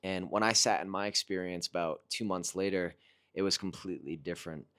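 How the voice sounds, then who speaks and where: Man, low-pitched, earnest and reflective, casual first-person storytelling with halting restarts. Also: fairly even intonation, a bit bright. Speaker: vlogger recounting a personal experience.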